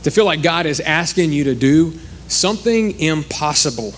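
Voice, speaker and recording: Man, preacher, conversational sermon, animated quotes, fairly high voice, faint background noise. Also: moderate pace.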